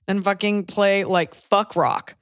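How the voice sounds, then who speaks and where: A woman's voice: mid-range voice, steady tone, takes it slowly, no room sound, clean studio sound. A woman hosting a podcast, chatting casually and telling rambling, joking stories with the odd swear word. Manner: chatty, loose storytelling with jokes and swearing. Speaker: podcast host. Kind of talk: casual chat.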